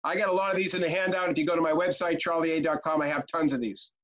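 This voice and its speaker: In dull, lo-fi webinar audio over a video call, a middle-aged youth care trainer races along in a voice on the high side. He leads the training with high energy and animation, chanting short rhymes and telling stories.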